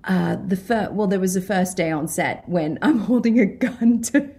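A British woman, an actress, chatting in an interview, animated and laughing often as she acts out her own reactions. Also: mid-range voice, normal speed. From Britain. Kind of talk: casual interview chat.

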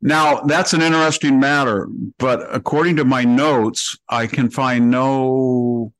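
A man's voice: medium pitch, fairly even intonation, measured pace, no room sound, natural voice. A man putting on an evasive, mock-innocent official who feigns forgetfulness under questioning.

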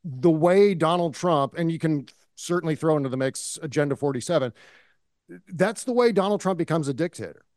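A man co-hosting a casual political podcast, talking with indignant, impassioned energy. His voice sits a little high for a man. The sound is dry and close, with no room in it. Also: expressive, fairly quick, darkish tone, no echo. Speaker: podcast co-host.

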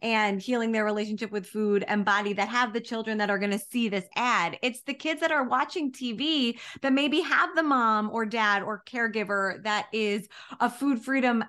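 A young adult woman co-hosting a podcast as a dietitian, talking in casual chat with lots of fillers and some swearing. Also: a little high. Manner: animated, filler-heavy, swears.

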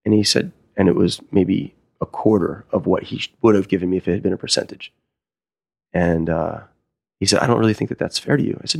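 A man's voice: deep voice, fairly quick, vocal fry, dry recording, clean studio sound. A man who works as a sommelier and wine consultant, telling stories in a casual interview and acting out the quoted dialogue. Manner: animated, acts out quoted dialogue.

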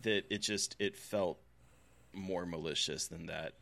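A man's voice: sits low, fairly even intonation, a little slow, gravelly, fairly bright tone. A man co-hosting a podcast, talking films in a casual, reflective way with dry humor. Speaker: podcast co-host. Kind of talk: casual film chat.

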